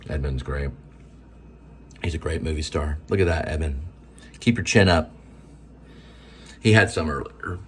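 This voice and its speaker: A man's voice: a bass voice, measured pace, pauses often, a bit bright, slight background noise. A man hosting a casual cooking and pet vlog at home, rambling in an easygoing way with many filler words while he eats. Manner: talks while eating. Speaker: vlog host.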